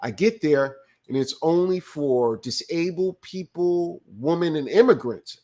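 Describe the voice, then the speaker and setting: A man's voice: a little high, expressive, unhurried, hardly any pauses, a little mellow. A man from California hosting a live show, swearing freely and telling loose stories with frequent restarts while answering viewer chat. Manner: profane, loose storytelling with restarts. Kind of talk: casual livestream commentary.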